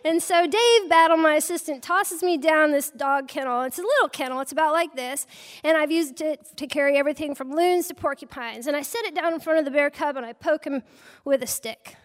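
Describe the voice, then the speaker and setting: A woman with a high, bright-pitched voice recounts her own misadventures with lively, self-deprecating humor. She speaks as a storyteller before a live audience. Her voice carries a long, lingering reverb from the hall. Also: a little fast. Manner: humorous, self-mocking, animated. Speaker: storyteller, wildlife biologist.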